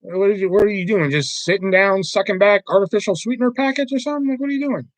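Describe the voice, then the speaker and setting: A man's voice: high voice, fast talker, no echo, low-quality recording. A man hosting a casual livestream, rambling and swearing freely, with lots of filler words as he tells stories. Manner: animated storyteller. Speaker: livestream host.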